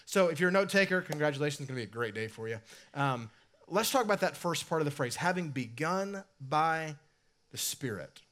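A man's voice: a little high, expressive, a little fast, a bit bright. A middle-aged man preaching a sermon as pastor, conversational and self-deprecating, repeating key lines for emphasis. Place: church sanctuary.

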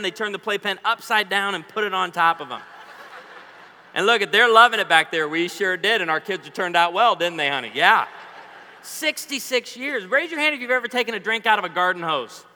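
A man preaching a humorous sermon in a church, joking and quizzing the audience. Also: high-pitched. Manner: lively, jokey, quizzes the audience. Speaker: guest preacher. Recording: echoey hall.

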